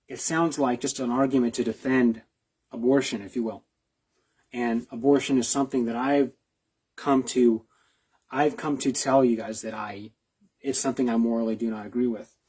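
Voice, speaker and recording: A man with a husky, breathy voice gives reaction commentary on clips. He talks in rhetorical questions, restarts and repeats his points. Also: medium pitch, a little mellow. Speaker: video blogger.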